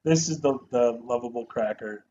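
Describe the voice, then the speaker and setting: A man co-hosting a casual movie review show, talking in an animated, profane way and mimicking actors. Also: mid-range voice, moderate pace. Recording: dull lo-fi sound with faint noise.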